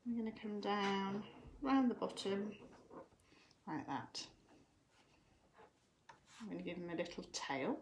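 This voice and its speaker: A woman's voice: mid-range voice, lively intonation, slow, long pauses, a little hiss or hum. A woman giving a live drawing lesson for children from home, explaining each step patiently. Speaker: drawing teacher.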